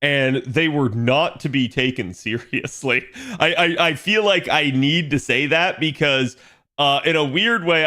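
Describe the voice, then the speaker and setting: With a bright, forceful, medium-pitched voice, a young man chats casually with his viewers while streaming at home. He rambles, fills pauses with fillers, and reads chat out loud.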